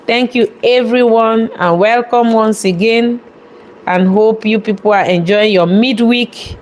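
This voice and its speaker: A woman chef hosting a live cooking demonstration from a restaurant kitchen, chatty and quick to laugh as she talks viewers through each step. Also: on the high side, slight background noise. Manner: chatty, laughs often, warmly thanks viewers.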